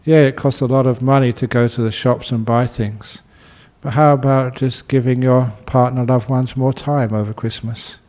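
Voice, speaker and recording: Speaking at a normal pace with a medium-pitched voice, this male monk tells a story during a light, humorous dharma talk. He laughs frequently as he goes.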